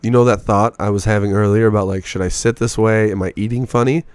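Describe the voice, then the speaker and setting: A man in his early twenties, a stand-up comedian from the Midwest, telling profane, animated stories in a casual podcast chat. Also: on the low side, fast, smooth, dry recording. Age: early 20s. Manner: profane, animated storyteller who acts out what others said.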